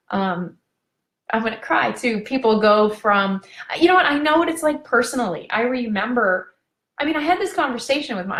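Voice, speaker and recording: Gushing woman with a gravelly voice. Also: medium pitch, reverberant. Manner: chatty and gushing, wanders off on tangents. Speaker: parenting coach hosting a live video talk. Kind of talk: casual live-stream chat.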